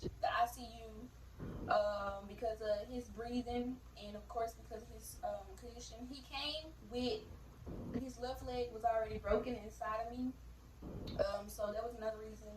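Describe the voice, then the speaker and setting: A young woman talks loosely to her viewers, full of fillers, her voice a touch high. She sits a little away from the mic, so the room echoes around her. A faint hiss of room noise sits underneath. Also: steady tone, normal speed. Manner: chatty, addresses viewers as y'all, many fillers. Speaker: new mother telling her birth story. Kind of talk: casual storytime vlog. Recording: roomy, distant mic.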